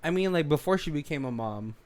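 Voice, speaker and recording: A man's voice: on the high side, animated, fast talker, darkish tone. A man co-hosting a movie commentary podcast in casual chat, rambling with lots of fillers and frequent laughter. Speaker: podcast co-host. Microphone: studio mic.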